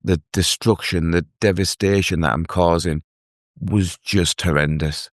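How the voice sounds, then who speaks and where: Deep guy telling his story in an interview, earnest, lots of restarts, dry sound. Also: fairly even intonation, no echo. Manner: earnest, halting, with many restarts. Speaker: guest, mental health advocate. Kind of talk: emotional personal story in an interview.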